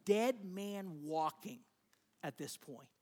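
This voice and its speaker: A preacher putting on a frightened outcast man, rambling in panic, ordinary mid-pitched voice. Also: lively intonation, takes it slowly. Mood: fearful. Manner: panicked, rambling inner thoughts. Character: terrified exiled young nobleman, an outcast.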